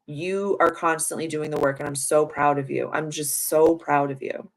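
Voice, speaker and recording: A woman's voice: sits low, steady tone, normal speed, gravelly, rough recording. A young adult woman giving a casual live tarot reading, chatty and affirming with spiritual wording. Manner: chatty with many "like" fillers. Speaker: tarot reader and live-stream host.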